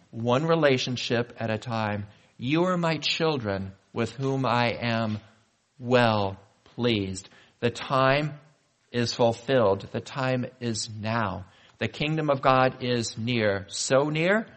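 A male pastor delivering a sermon in a conversational manner, asking the congregation questions and slowing down for emphasis. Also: mid-range voice. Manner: conversational preaching with rhetorical questions and slow emphatic pauses.

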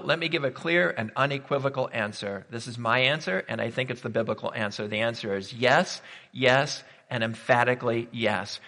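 A man's voice: mid-range voice, pushed and bright. Emphatic male preacher in a reverberant hall. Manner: emphatic, rhetorical questions. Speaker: pastor. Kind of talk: sermon.

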